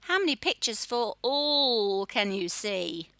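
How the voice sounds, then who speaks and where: Slow, bright-voiced woman teaching phonics. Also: fairly high pitch, animated, no room sound. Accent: Australian. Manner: slow, sing-song, sounding out letters for children. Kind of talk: children's phonics lesson.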